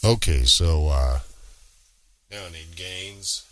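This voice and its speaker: A man's voice: low voice, takes it slowly. A man who operates an amateur radio station, talking through a gear demo in a boastful, crude and folksy way into a close studio microphone.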